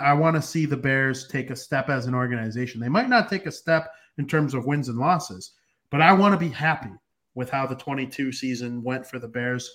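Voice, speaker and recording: A man's voice: mid-range voice, fairly bright tone. A young man hosting a casual sports podcast, talking in a rambling, joking way. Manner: rambling, jokey. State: hiccups. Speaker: podcast host.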